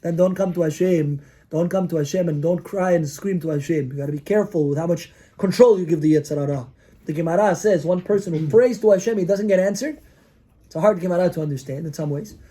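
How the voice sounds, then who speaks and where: Male rabbi, high pitch, lively storyteller sermon, acts out characters. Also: fast talker, slightly rough. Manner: animated, acts out characters in the stories.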